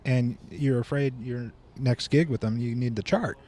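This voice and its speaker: Male guest, drum teacher, mid-pitched, animated storyteller who acts out quotes. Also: moderate pace, no room sound. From Seattle, Washington. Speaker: podcast guest, drum instructor. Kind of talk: casual podcast chat.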